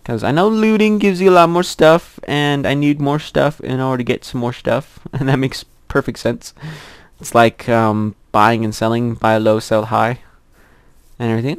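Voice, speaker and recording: A man's voice: normal speed, clean tone, dry recording. Young male gameplay commentator, rambling, laughing often, dry close sound. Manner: chatty, giggly, rambling to himself; squeals in a high voice at cute animals.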